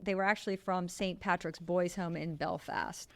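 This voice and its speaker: A woman's voice: on the low side, steady tone, moderate pace, gravelly, fairly bright tone. A woman hosting a podcast, casually retelling an old film's story with many asides and tangents. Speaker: podcast host. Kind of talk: casual film discussion.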